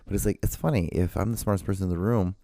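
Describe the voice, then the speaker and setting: A young man rambles through a story on his podcast, cursing freely and circling back on his own sentences. His voice sits low and gravelly. The sound is close and dry, with no room around it. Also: rapid-fire, dark tone, dry recording. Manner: profane, rambling, restarts sentences often. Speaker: podcast host. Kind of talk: casual rambling monologue.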